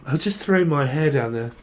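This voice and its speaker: A man's voice: a little high, animated, a little slow. A young man doing a casual tarot reading, rambling through word associations with crude jokes and frequent laughter. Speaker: tarot reader. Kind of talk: casual off-the-cuff tarot channelling.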